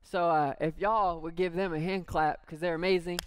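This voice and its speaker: A man's voice: fairly high pitch, fairly even intonation, normal speed, clear, resonant tone, no echo. A man who is the church's youth pastor, speaking upbeat and proud to the congregation. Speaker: youth and young adults pastor. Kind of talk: church service announcement.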